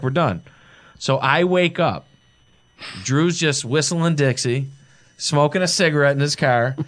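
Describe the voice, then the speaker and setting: A male podcast co-host tells a story in casual, slangy speech. His voice sits at a middling pitch, and his laid-back delivery shifts to exasperation as the story goes on.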